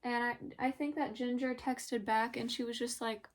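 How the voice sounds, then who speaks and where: A young woman talking hesitantly in a personal confessional vlog, pausing often and searching for words. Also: on the high side, steady tone. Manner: hesitant, halting, many pauses and fillers; emotional, soft-spoken. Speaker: vlogger.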